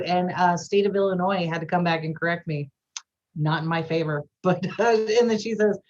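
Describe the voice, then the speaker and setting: A woman's voice: fairly low pitch, lo-fi sound. Sarcastic woman podcast co-host. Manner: animated, sarcastic, reads out listener comments. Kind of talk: casual political commentary chat.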